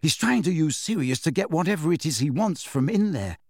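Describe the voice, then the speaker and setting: Guy doing a panicky teen boy wizard yelling at his friends, raised voice, dry close sound. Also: a little high, expressive, a little fast, dry recording, voice pushed up. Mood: urgent, shouting. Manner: urgent, shouting, shaky. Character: agitated teenage boy wizard, urgent and shouting.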